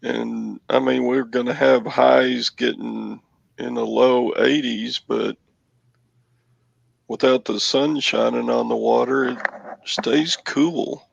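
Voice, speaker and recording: A man's voice: mid-range voice, little pitch movement, slow pace, lo-fi sound. A man co-hosting a morning show in casual chat, easygoing and drawn out as he tells stories. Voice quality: gravelly.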